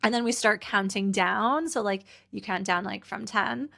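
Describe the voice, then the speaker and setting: A woman's voice: medium pitch, normal speed, gravelly, bright, forceful tone. Tired, teary Canadian woman podcaster. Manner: chatty, lots of "like" fillers, laughing through tears. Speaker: podcast host and personal brand coach. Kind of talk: casual solo podcast monologue.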